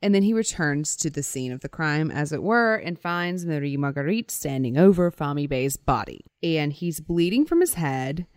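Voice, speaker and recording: A woman's voice: deep voice, lively intonation, normal speed, few pauses, no room sound. A woman co-hosting a podcast, telling a story in casual chat and acting out quotes with playful voices. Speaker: podcast co-host.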